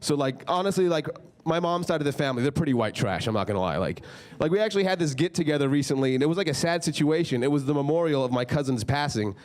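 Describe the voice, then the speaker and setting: A man's voice: a little high, lively intonation, fast talker, a little mellow. A young man doing a stand-up comedy set, telling stories in a loose, casual way full of "like". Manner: casual, filler-heavy storytelling with frequent "like". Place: comedy club stage.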